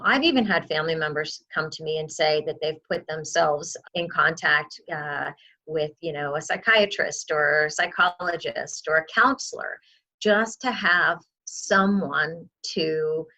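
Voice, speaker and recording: A woman's voice: fairly low pitch, bright, forceful tone. A woman who works as a memory outreach specialist, giving earnest advice in an interview and acting out what a caregiver might say.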